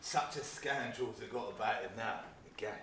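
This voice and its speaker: Young male actor: smug highwayman, gravelly, distant mic with clear hiss. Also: moderate pace, lightly acted. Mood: scheming. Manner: swaggering, mock-courteous. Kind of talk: stage acting in a school play. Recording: distant echoey stage with hiss.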